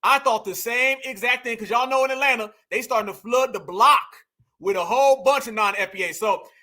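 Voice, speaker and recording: A man's voice: very high-pitched, normal speed, bright, forceful tone. A man giving emphatic reaction commentary on video clips, repeating himself and calling his viewers family. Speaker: political commentator.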